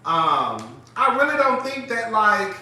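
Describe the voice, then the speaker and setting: A man with a very high, sharply bright voice hosts a live chat show, animated and profane and often laughing. His voice rings in a very echoey room. He sits a little back from the mic. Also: takes it slowly, distant mic. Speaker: host. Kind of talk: casual live commentary.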